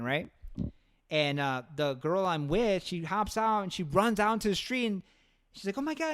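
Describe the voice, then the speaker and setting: A man's voice: a little high, fairly bright tone, clear, resonant tone. A man hosting a podcast, telling rambling stories in casual chat, swearing freely. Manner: rambling, profane storytelling. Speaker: podcast host.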